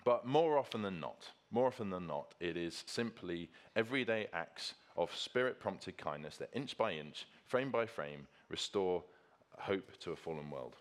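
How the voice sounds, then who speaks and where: A man's voice: deep voice, lively intonation, normal speed. A man preaching a sermon with slides, earnest and emphatic, repeating key phrases for stress.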